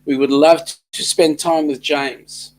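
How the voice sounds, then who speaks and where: A man's voice: a little high, fairly even intonation, a little slow. A middle-aged Australian man co-hosting a casual livestream chat, reading out viewer comments with a joking manner. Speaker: co-host of a cruise chat livestream.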